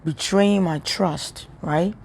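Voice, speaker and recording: A woman's voice: lowish voice, slow, gravelly, a little mellow. Impassioned woman preaching to camera. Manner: earnest, impassioned, repetitive. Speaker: spiritual vlogger. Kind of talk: emotional preaching monologue.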